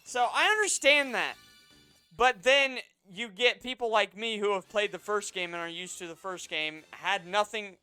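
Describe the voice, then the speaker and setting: Bright clear-voiced guy streaming games, laughs a ton, animated stories, faint music behind. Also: sits high, moderate pace, no echo. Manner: laughs often, animated storytelling. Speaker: co-host of a gaming stream. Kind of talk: casual chat while gaming.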